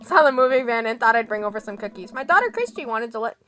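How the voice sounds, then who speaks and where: A woman voicing a friendly, clean-cut male neighbor who is a youth minister in a dating game, with a smooth, cheery, neighborly manner. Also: on the high side, animated, fast talker, a bit bright, slight background noise.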